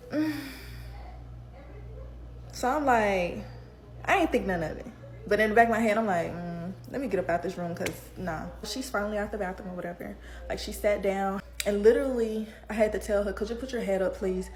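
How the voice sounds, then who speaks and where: Slangy young woman telling a story. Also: mid-range voice. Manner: animated, slangy, conversational. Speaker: hairstylist. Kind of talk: casual storytime.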